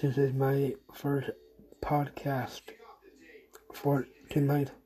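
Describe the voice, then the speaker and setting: Slow, halting, earnest podcast voice. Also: mid-range voice, completely flat delivery, poor audio. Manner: halting and repetitive, restarting phrases; earnest, soft sad voice. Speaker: podcast host. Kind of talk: personal spoken message to a friend.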